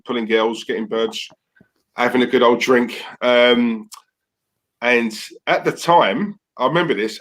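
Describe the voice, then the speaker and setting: A man's voice: medium pitch, a bit bright. A man co-hosting a casual banter show, chatty and frank. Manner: chatty, laughs often, frank. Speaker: co-host.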